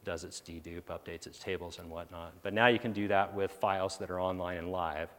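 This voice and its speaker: A man's voice: deep voice, fairly quick. Sarcastic man presenting in a conference hall. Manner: sarcastic, animated asides; thinks aloud with frequent fillers and restarts. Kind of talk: technical conference talk.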